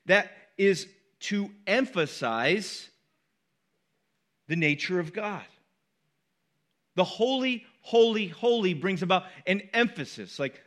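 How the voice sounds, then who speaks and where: In a high, light voice that sounds pushed and bright, a middle-aged pastor hammers key words again and again, each time more forcefully. Between those emphatic points he talks conversationally to the congregation and throws in quick asides.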